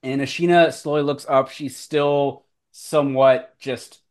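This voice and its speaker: A man running a tabletop game as game master, swearing and laughing often, with loud outbursts. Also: medium pitch, fairly even intonation, unhurried.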